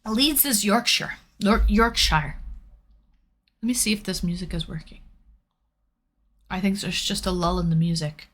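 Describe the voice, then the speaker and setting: A woman's voice: medium pitch, measured pace, pauses often, fairly bright tone. A woman from Liverpool hosting a casual livestream, chatting and greeting viewers by name. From Liverpool, England. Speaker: livestream host. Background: faint background music.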